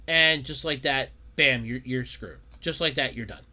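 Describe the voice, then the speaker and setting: A man's voice: medium pitch, normal speed, few pauses, sharp tone. A man hosting his own podcast in a casual solo rant, rambling and stammering through restarts as he repeats his points. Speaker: podcast host.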